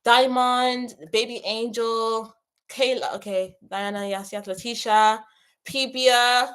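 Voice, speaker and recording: A woman hosting a casual livestream as a spiritual coach, passionately chatting, repeating herself and giving viewers shout-outs. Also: on the high side, fairly even intonation, slow. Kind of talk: casual livestream chat reading out comments.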